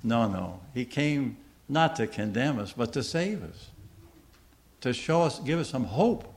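A man's voice: mid-range voice, sing-song, measured pace. Earnest male preacher, repeats key lines. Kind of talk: sermon to a congregation.

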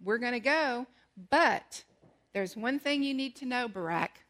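A woman's voice: on the high side, expressive, a little slow, fairly bright tone. A woman voicing a firm female prophet who gives a warning in a Bible story she is retelling.

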